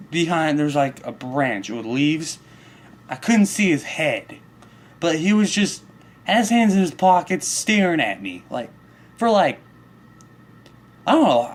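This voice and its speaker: A man telling a story in a comedic angry rant, profane and worked up, rambling along with restarts. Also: a little high. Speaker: vlogger.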